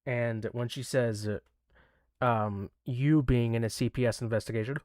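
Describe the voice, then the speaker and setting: A man's voice: medium pitch, measured pace, darkish tone, no room sound. A man with a mid-range voice picks apart someone else's words in sarcastic, swearing commentary. His delivery is mocking and exasperated. The sound is dry, with no room around it. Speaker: commentary streamer. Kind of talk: reaction commentary.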